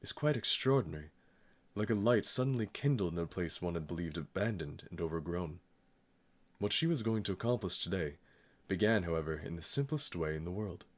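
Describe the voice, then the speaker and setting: Man, audiobook narration, very low voice, calm, measured. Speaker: audiobook reader. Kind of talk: scripted narration.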